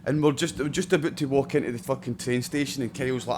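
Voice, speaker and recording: A man's voice: medium pitch, quick pace, hardly any pauses, a little hiss or hum. A man with a Scottish accent co-hosting a podcast, telling rowdy stories and swearing freely. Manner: swears freely, loud and laughing while telling anecdotes. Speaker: podcast co-host. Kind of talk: casual chat, storytelling.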